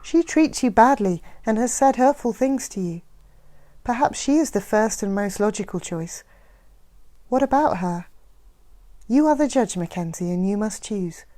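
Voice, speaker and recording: A woman reading a novel aloud, voicing a calm, wise woman who speaks softly, often in a near whisper. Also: medium pitch, normal speed, natural voice. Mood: insistent, soft. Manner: soft, quiet, often whispered. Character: gentle, wise, calm woman, patient teacher.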